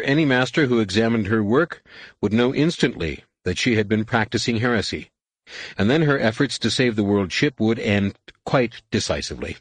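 A low-voiced man reads a science fiction audiobook in a measured, steady voice. His tone is husky, and the close recording is dry, with no room sound. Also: no echo. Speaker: audiobook narrator. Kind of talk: scripted sci-fi narration.

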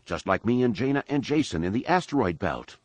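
A man putting on a keen young pilot calling out urgently, pitched above his own deep reading voice. The sound is dry and close, like a storybook recording. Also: sing-song, brisk, darkish tone, no echo.

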